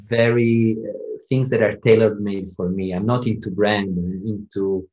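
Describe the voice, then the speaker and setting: Low-voiced man telling relaxed anecdotes. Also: normal speed, dull audio. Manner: anecdotal, reflective, self-deprecating. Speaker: interviewee. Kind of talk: casual interview conversation.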